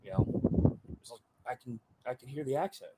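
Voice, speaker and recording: A man's voice: medium pitch, steady tone, moderate pace, very noisy. A middle-aged man, a former Marine, telling stories in a casual interview, rambling with many fillers and acting out others' lines. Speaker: Marine veteran guest.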